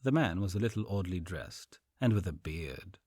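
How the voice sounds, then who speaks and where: A man reading an audiobook story in an expressive storytelling manner. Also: low-pitched, normal speed, slightly rough, dry recording, clean studio sound. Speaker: audiobook narrator. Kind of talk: audiobook narration.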